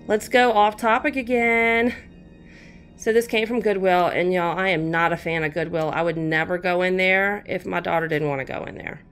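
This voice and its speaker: A woman's voice: fairly low pitch, little pitch movement, normal speed, a bit bright, faint music behind. A woman, chatting fondly as she shows off her shopping haul and talks to her cat. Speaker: crafting channel host. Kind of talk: casual haul show-and-tell.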